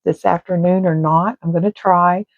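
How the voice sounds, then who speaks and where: A woman's voice: fairly low pitch, steady tone, moderate pace, dry recording. A woman, chatting and rambling casually while she colors, sometimes drifting into murmurs. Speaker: art channel host. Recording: tinny phone-like dry sound.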